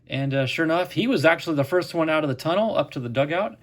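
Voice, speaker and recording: A middle-aged man hosting a card collecting channel tells a casual story to the camera, talkative and acting out what people said. His voice is a little high and quick.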